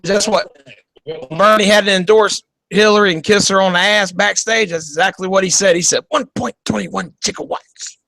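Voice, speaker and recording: High-voiced profane joking podcast host. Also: male voice, fairly even intonation, fairly quick, sharp tone, dry recording, rough recording. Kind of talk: casual political commentary. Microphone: video call.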